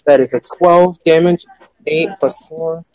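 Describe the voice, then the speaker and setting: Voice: mid-range voice, steady tone, a little slow, darkish tone, no room sound, low-quality recording. A player in a casual tabletop game, thinking aloud and counting dice with fillers.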